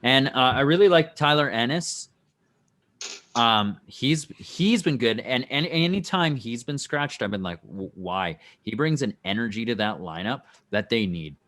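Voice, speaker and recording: A man's voice: mid-range voice, lively intonation, moderate pace, a bit bright. A man on a sports podcast panel, earnestly arguing for his picks and standing by them. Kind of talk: casual sports chat.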